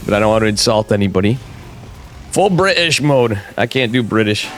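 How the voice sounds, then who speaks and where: A man's voice: on the low side, lively intonation, brisk, fairly bright tone, a little hiss or hum. Chatty man casting a live game. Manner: casual, chatty, talks to viewers, jokey asides. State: has a cold. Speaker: esports caster. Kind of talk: solo live game commentary.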